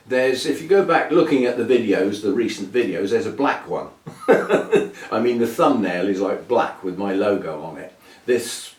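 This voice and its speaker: A man hosting a casual, rambling chat about his hobby, with fillers and soft laughs. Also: medium pitch, far from the mic. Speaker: orchid channel host. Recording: echoey room, voice a bit off-mic.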